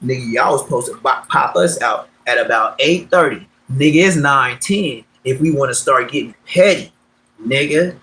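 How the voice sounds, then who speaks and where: A man's voice: mid-range voice, moderate pace, rough recording. Slangy, streetwise Los man. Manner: slangy, streetwise, swings between loud and mumbled. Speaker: livestream host. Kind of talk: casual storytelling on a livestream.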